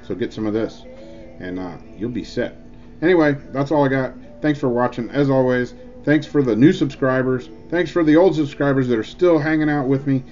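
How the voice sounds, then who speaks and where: In a casual vlog, a man reviews e-juice with jokes, rambling and leaning on filler words. His pitch is medium, his pace moderate, and his tone slightly mellow, while the recording is dull and lo-fi with faint background music.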